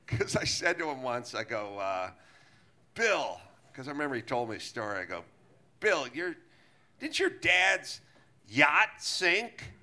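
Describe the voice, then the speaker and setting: A middle-aged man hosting a live comedy podcast, telling profane stories in an animated way and laughing as he talks. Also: mid-range voice, moderate pace. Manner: animated, swearing, laughs mid-sentence. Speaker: podcast host. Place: live show on stage.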